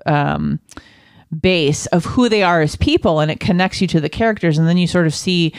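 A woman co-hosting a casual movie review chat, relaxed and conversational with frequent fillers. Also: fairly low pitch, moderate pace, creaky, clean tone, dry recording, clean studio sound.

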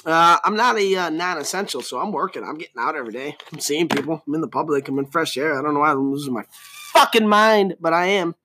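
A man's voice: on the high side, fast talker, pushed and bright, a little hiss or hum. A man in his thirties hosting a solo podcast, rambling casually with lots of profanity and jokes. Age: 30s. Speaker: podcast host.

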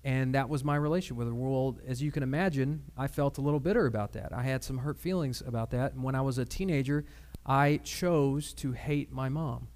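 A man preaching a sermon with personal testimony, earnest and measured, with pauses and fillers. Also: mid-range voice, darkish tone. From Michigan.

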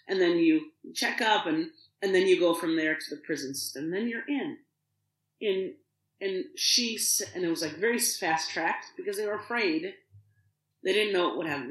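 A woman's voice: on the low side, echoey room, rough recording. Middle-aged woman telling an emotional story. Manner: animated, acts out dialogue, restarts often. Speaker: podcast guest.

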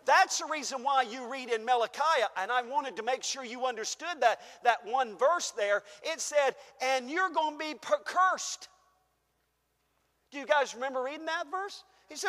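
A man's voice: very high-pitched, normal speed, in a large hall. A man preaching a fervent sermon as pastor, calling out to his congregation and laughing between points. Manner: fervent preaching, rising and shouting, then chuckling asides. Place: church sanctuary.

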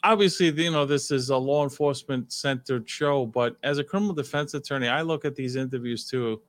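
Fast-talking defense attorney, dry sound. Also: male voice, medium pitch, dry recording. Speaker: criminal defense attorney, co-host. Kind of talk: casual panel talk.

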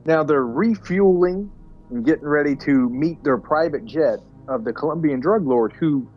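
A man's voice: a little high, moderate pace, highs cut off, soft background music. A man co-hosting a casual podcast, recapping a movie plot with dry humor and swearing. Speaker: podcast co-host. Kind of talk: casual chat.

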